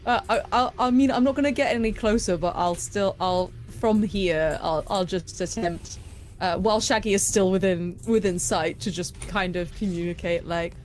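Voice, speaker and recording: A woman's voice: mid-range voice, moderate pace, a little mellow. A woman playing in a tabletop game, chatting casually and teasing. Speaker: player.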